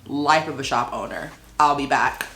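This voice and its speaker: A woman's voice: rumbling low, normal speed, noisy background. A young woman vlogging about her small shop, chatty and anxious, with frequent exclamations. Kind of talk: casual vlog talk. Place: Brooklyn, New York.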